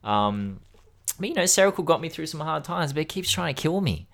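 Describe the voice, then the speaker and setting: A man's voice: a little high, sing-song, a little fast, gravelly, fairly bright tone. A man in his thirties chatting casually as a podcast co-host, frank and joking about hard things, swearing freely. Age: 30s. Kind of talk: casual chat.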